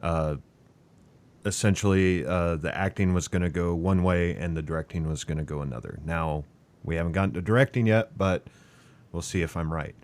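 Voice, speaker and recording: A man's voice: low-pitched, moderate pace. A man hosting a casual film podcast over a call, easygoing as he runs the votes and reads out fun facts. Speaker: podcast host and moderator.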